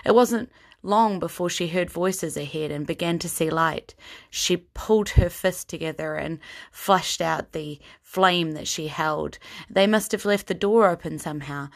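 A woman's voice: lowish voice, vocal fry. A woman narrating a fantasy story as game master in a tabletop game.

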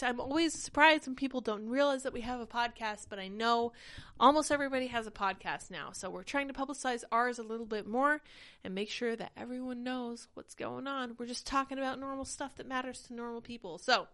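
Young woman host, casual stream chat, slightly higher voice, a bit breathless, dry close sound. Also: no echo. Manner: chatty, animated, reads chat comments aloud. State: short of breath. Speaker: podcast host. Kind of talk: casual livestream commentary.

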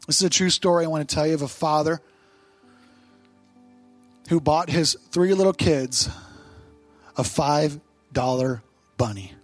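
A man's voice: fairly high pitch, a little slow, pauses often, dry recording, soft background music. A man preaching a sermon as pastor, stressing short repeated phrases.

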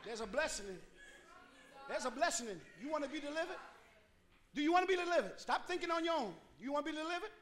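A man preaching a sermon, swinging between hollering and hushed pleading and calling on the congregation to answer back. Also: extremely high pitch, expressive, quick pace, crowd noise. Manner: call-and-response with the congregation.

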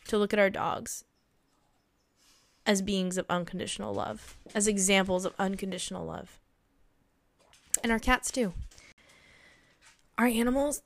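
A woman giving a spiritual monologue as a psychic medium, earnest and emotional, rambling with many restarts. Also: mid-range voice.

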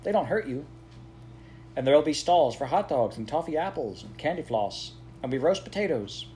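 A man voicing an eager, excitable village boy who coaxes and pleads in an audiobook. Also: fairly high pitch, moderate pace, a little hiss or hum, pitched above the performer's own voice, close to an everyday voice. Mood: excited. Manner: coaxing, pleading, then impatient. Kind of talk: audiobook character voice.

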